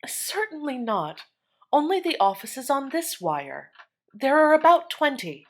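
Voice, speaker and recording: A woman's voice: high-pitched, very animated, a little slow, voice pushed up, full character voice. A woman voicing a young telegraph operator who answers in curt, impatient replies. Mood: tart.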